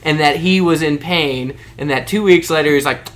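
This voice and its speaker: A young man in casual chat, telling an animated, joking story. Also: on the high side, a little fast, few pauses.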